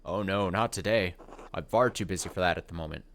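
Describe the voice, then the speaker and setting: A man voicing a busy, apologetic male brewer in a game, reading briskly. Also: low voice, slight background noise.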